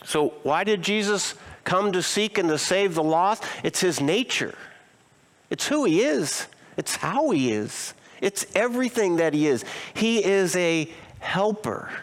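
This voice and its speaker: A male pastor preaching a sermon expressively, asking his listeners rhetorical questions and slowing down to stress key phrases. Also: high voice, animated.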